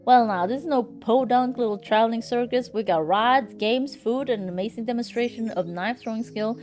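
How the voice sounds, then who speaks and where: A woman's voice: fairly high pitch, moderate pace, a little mellow, soft background music, voice pushed up, lightly acted. A woman voicing a cheerful male rodeo clown working a circus ticket booth, with a folksy drawl and forced salesman cheer. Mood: salesy cheer.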